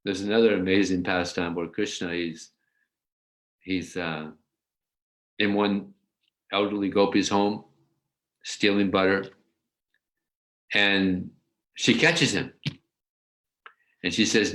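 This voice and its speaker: A man giving a scripture class, explaining a verse and telling stories in an animated way. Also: low-pitched, slow pace, long pauses. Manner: animated storyteller, acts out voices. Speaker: religious teacher.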